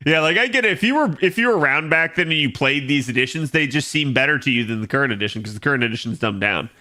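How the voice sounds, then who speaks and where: Casual streamer guy with a bright, forceful voice who rambles loosely and thinks out loud. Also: medium pitch, expressive, fast. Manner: rambling, thinks aloud with many fillers. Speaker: game streamer chatting with viewers. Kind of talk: casual live-stream chat.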